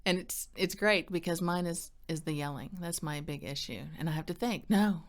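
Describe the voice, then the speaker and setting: A woman's voice: on the low side, normal speed, few pauses. A middle-aged woman, director of a counseling center, giving friendly, chatty parenting advice to the camera in an upbeat way. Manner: chatty, upbeat, acts out quoted dialogue, laughs easily.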